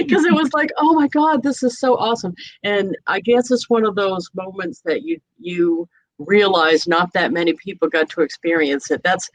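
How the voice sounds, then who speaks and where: A woman's voice: on the low side, no room sound, poor audio. A woman from New England hosting a casual video chat, telling anecdotes and laughing often. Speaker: host.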